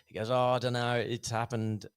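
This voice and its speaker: A man, a guest telling a casual, animated story about his boxing past with many fillers. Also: medium pitch, moderate pace, clean tone. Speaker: podcast guest, former Thai boxer.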